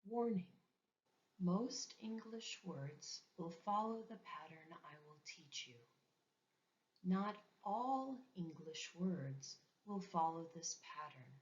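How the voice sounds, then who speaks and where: A woman's voice: lowish voice, animated, slow. A woman teaching an English grammar lesson, speaking carefully and repeating example words for learners. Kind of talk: slow, deliberate language lesson. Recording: dull lo-fi recording.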